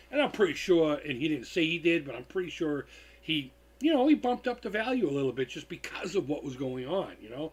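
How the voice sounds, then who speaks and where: A man's voice: on the high side, lively intonation, fairly quick, slight background noise. Tired, profane man chatting on a live stream. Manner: loose, profane storytelling. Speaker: livestream host. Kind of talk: casual live-stream chat.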